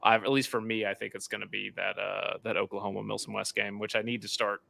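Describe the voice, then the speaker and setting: A man's voice: fairly low pitch, flat delivery, fast talker, creaky, bright, forceful tone. A man co-hosting a podcast in casual chat, blunt and swearing casually. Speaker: podcast co-host.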